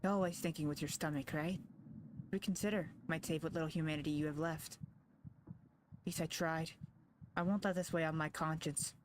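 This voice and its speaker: A male streamer voicing a small, secretive female food creature who talks in a hushed, conspiratorial way and turns coldly scornful. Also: fairly high pitch, steady tone, normal speed, long pauses, noisy background, natural voice.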